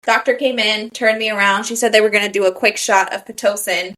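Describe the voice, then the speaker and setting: A woman's voice: mid-range voice, steady tone, fairly quick, fairly bright tone. A young woman with an American accent, co-hosting a podcast, chatting candidly and laughing often. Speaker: podcast co-host. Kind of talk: casual chat.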